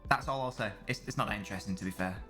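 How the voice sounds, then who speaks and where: A man's voice: lowish voice, rapid-fire, bright, forceful tone, faint music behind. Rambling man streaming a match. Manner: rambling, swears freely, reads out chat. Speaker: live streamer. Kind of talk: casual match watchalong chat.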